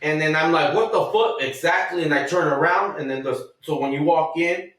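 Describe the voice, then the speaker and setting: A man's voice: a little high, fairly even intonation, moderate pace, a bit bright. Profane man telling a story, far off mic in an echoey room. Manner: profane, rambling storyteller who acts out quotes. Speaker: podcast co-host. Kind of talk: casual storytelling chat.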